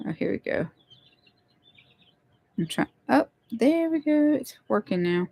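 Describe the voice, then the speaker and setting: A woman's voice: on the high side, sing-song, unhurried, vocal fry, mellow, no room sound. A woman, chatting casually with viewers while hosting a home livestream. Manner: chatty, greets viewers, apologizes for tech trouble. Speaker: livestream host, homesteader.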